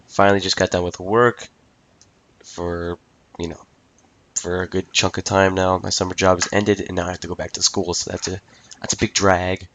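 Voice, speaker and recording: A teenage guy hosting his own solo podcast, talking straight into a microphone with a fairly low voice. He rants in an exasperated, casual way, swears freely and keeps calling everything ridiculous. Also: level tone, moderate pace, fairly bright tone. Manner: repeats "I tell you what" and "ridiculous". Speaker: podcast host.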